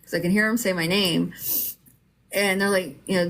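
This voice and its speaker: Rambling middle-aged woman, lowish voice. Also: fairly even intonation, moderate pace, fairly bright tone. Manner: rambling, many fillers and restarts. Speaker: host telling her own story. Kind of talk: casual storytelling.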